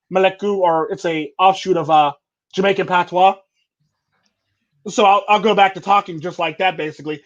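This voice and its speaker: A man's voice: sits high, lo-fi sound. A man hosting a casual chat, talking bluntly and rambling with repeated stock phrases. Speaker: podcast host.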